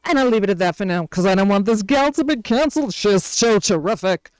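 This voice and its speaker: Woman putting on a raspy old caller. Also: medium pitch, normal speed, dry recording. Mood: proclaiming. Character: raspy older caller, out of retirement.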